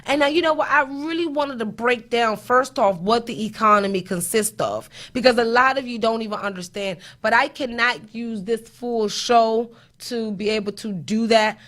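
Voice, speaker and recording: Emphatic high-voiced woman preaching finance. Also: moderate pace, few pauses, a bit bright. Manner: emphatic, preachy, repeats points, rhetorical questions. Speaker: host, accountant. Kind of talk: live-stream commentary.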